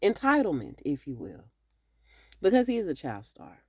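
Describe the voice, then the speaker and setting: A woman's voice: low voice, wildly swooping pitch, moderate pace, husky, dry recording. A woman giving a casual, chatty TV episode recap, talking straight to her viewers. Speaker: TV recap reviewer.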